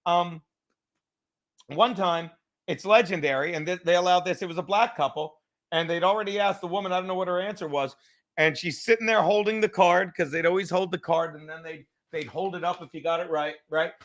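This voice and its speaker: A man with a fairly quick, high-sitting voice hosts a livestreamed podcast in a casual chat style. He rambles and swears through animated stories and reads out viewer messages.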